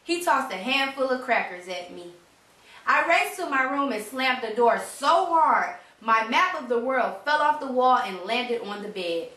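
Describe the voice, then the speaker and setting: Bright-voiced woman reading a storybook. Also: a little high, lively intonation, measured pace. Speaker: reader. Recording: roomy, distant mic.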